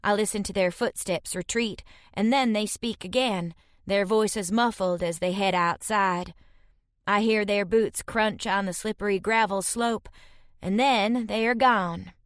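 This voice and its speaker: A woman narrating a fantasy romance audiobook in first person, reading tensely and dramatically, voicing shouted dialogue. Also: mid-range voice, a little slow, dry recording, clean studio sound.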